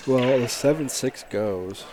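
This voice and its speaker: A man's voice: mid-range voice, slow, darkish tone, a little hiss or hum. A man giving casual, joking color commentary on a pool match and teasing his partner.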